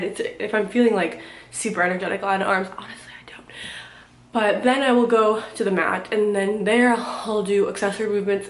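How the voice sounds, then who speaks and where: A young woman talks casually to her viewers, rambling and stopping to restart her sentences, filling gaps with little hesitations. She sounds a little out of breath. Her voice sits at a middle pitch and rings in an echoey room. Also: a little hiss or hum. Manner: rambling, halting, filler-heavy. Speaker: vlogger. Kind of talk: casual chat.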